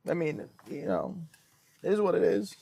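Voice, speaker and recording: A young man hosting a casual livestream, reading comments with a deadpan businessman act. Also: high-pitched, moderate pace, vocal fry, no room sound. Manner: deadpan self-styled businessman persona. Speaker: livestream host.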